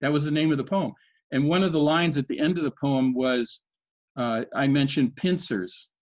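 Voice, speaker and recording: An older man in his sixties speaks as a podcast guest in a medium-pitched voice, earnestly walking through events one step at a time. He often stops and restarts his sentences. The recording sounds dull and lo-fi. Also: moderate pace, darkish tone. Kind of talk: conversational storytelling. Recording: dull lo-fi audio.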